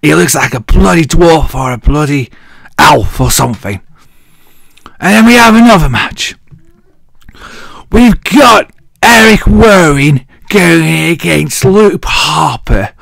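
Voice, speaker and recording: A man's voice: on the high side, gravelly, a bit bright, no room sound, studio quality. An English man hosting a wrestling show, recapping in a cheeky, rambling way and often losing his place as he thinks aloud. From England.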